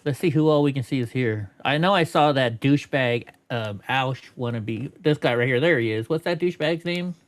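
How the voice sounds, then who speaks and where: This streamer host is a middle-aged man whose slightly high voice runs fairly quick with few pauses. He chats loosely and profanely on the live stream, often cracking up at clips.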